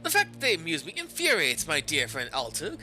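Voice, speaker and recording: A man voicing a jolly, heavyset man with a hearty, slow, grand way of talking. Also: on the high side, huge pitch swings, pushed and bright, faint music behind, heavily acted. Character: jolly heavyset German man, jowly and amused.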